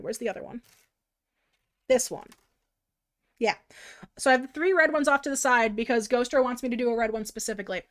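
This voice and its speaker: High-voiced chatty woman streamer. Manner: chatty, self-mocking, casual swearing. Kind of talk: casual livestream chat.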